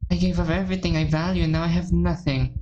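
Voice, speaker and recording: A woman reading a shy, self-loathing teenage girl in first person, quiet and shaky. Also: lowish voice, fairly even intonation, quick pace, muffled recording, noisy background, lightly acted. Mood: despairing.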